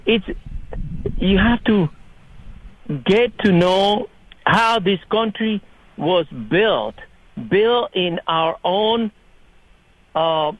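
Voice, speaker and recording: A man from Nicaragua with a Nicaraguan Spanish accent, calling into a radio talk show, earnest and halting, often repeating himself. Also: high voice, expressive, rough recording. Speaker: caller.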